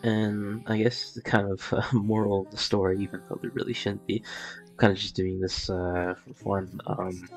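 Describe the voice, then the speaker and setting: A man's voice: fairly low pitch, fairly even intonation, normal speed, soft background music. A young man casually telling a personal story, rambling with fillers and acting out quotes.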